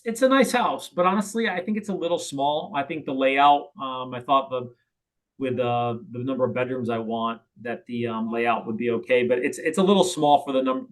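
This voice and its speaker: A man coaching a real estate agent in a role play, talking briskly and often checking in with "right?". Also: medium pitch, fairly bright tone, rough recording. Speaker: sales coach.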